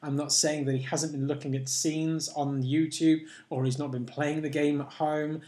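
A man's voice: on the high side, little pitch movement, a little mellow. A man hosting a casual podcast, rambling and laughing often between points. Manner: giggly, rambling, quick asides. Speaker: podcast host.

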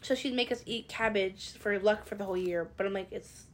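A woman's voice: mid-range voice, fairly quick. A woman co-hosting a podcast in casual chat, giggly and rambling, often trailing off. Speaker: podcast co-host.

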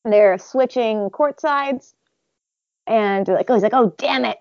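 Animated high-voiced woman on a podcast. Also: measured pace, no echo. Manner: animated, acts out character lines, laughs often. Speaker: podcast co-host. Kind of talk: casual chat recapping manga chapters. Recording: dull lo-fi dry sound.

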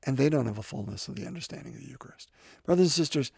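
A man's voice: on the high side, animated, very fast, creaky, darkish tone, husky, dry recording, clean studio sound. A man preaching a homily, talking conversationally and repeating his points for emphasis. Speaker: priest.

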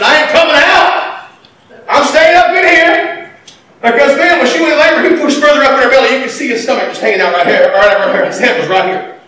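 A man preaching a sermon, animated, swinging between loud and quiet. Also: extremely high pitch. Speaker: pastor. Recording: echoey hall, mic at a distance.

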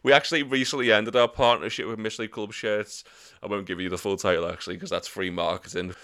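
Smooth-voiced sarcastic man, low. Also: steady tone, fast, pushed and bright. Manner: jokey, sweary, sarcastic. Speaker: podcast co-host. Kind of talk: casual banter.

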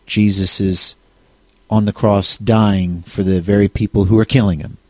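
A man's voice: fairly low pitch, fairly even intonation, moderate pace, a little mellow, no echo. A man co-hosting a casual discussion on faith, talking in a rambling way with many restarts and fillers. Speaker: co-host.

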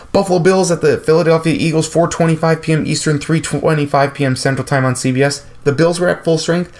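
A man hosting a sports podcast, running through game picks with frequent fillers and restarts. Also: mid-range voice. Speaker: podcast host.

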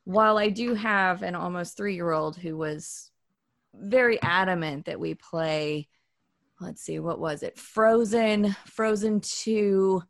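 A woman's voice: lowish voice, slow. A woman co-hosting a podcast in casual chat, playful and teasing. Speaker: podcast co-host.

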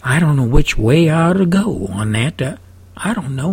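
A man's voice: fairly high pitch, lively intonation, normal speed, darkish tone, husky. A man with a Texan accent hosting a radio show from his studio, talking in a folksy, rambling way. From South Texas. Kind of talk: folksy talk radio monologue.

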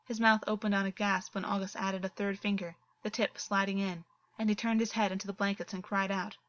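A woman narrating a story as an audiobook reader, with a steady, even reading delivery. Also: mid-range voice, dry recording, dull audio. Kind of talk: scripted narration.

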